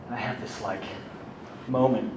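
A man's voice: medium pitch, fairly even intonation, normal speed. A man candidly telling a self-deprecating personal story about his recovery, in a casual, conversational way. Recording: roomy, distant mic, background noise.

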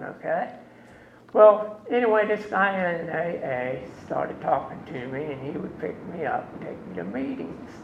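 A man telling his own story of recovery to a meeting in a slow, plain-spoken way. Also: on the high side, gravelly, reverberant, muffled recording, a little hiss or hum. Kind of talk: personal testimony at a recovery meeting.

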